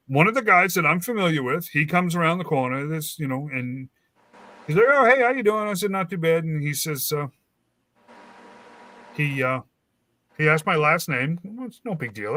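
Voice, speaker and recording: A man tells a long, rambling story in a casual chat and slips into the voices of the people in it. His voice sits a little high and sounds bright and forceful. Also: no echo. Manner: rambling, animated, acts out quoted dialogue. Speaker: host.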